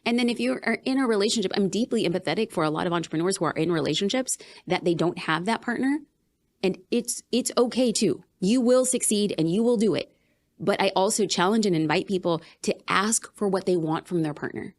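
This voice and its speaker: A woman guest in a candid interview, talking in an animated, emphatic way and repeating phrases for emphasis. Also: mid-range voice, brisk. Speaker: podcast guest. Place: business retreat in Austin.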